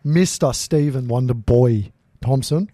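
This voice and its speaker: A man's voice: mid-range voice, measured pace, mellow, no echo, clean studio sound. An Australian man co-hosting a podcast, chatting casually in a teasing way, swearing and laughing often. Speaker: podcast co-host. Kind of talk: casual chat. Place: small studio.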